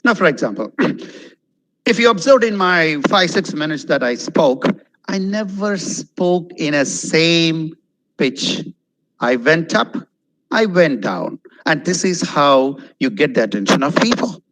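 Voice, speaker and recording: A man teaching spoken English over a video call, his voice sitting a little high for a man. He drags out words and swings his pitch up and down on purpose to show how intonation works. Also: rough recording. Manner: animated, drawn-out demonstrative intonation. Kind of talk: webinar lecture. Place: online webinar.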